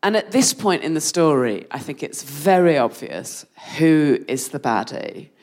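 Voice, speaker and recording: A woman's voice: low voice, a little slow. A woman co-hosting a comedy show, telling a story live and laughing through it. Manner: animated, laughing through the anecdote. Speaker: podcast co-host.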